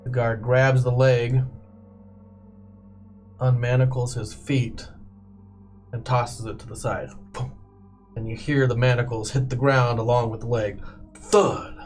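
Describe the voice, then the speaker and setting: Slow-narrating male game master. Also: medium pitch, level tone, a little mellow, soft background music. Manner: slow, graphic descriptive narration.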